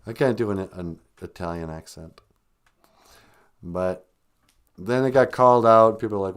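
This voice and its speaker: A man's voice: lowish voice, moderate pace, pauses often, clean tone. Sarcastic man hosting a podcast. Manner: deadpan, sarcastic, meandering. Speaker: podcast host. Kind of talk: rambling comic podcast talk.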